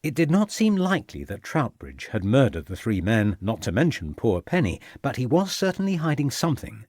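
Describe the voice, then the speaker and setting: A man reading a crime audiobook in measured scripted narration. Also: mid-range voice, wildly swooping pitch, a little mellow, no room sound, clean studio sound.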